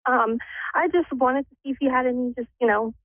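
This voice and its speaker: A woman calling in to a psychic show, talking softly and hesitantly with nervous laughs. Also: high voice, fairly quick, dry recording. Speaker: caller. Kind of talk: phone call-in conversation. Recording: tinny phone line.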